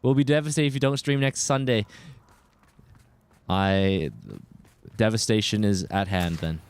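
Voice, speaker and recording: A man's voice: on the low side, a little slow, smooth. A man streaming a video game, chatting casually and cheerfully greeting viewers in chat. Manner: upbeat, greets chatters by name, chatty asides.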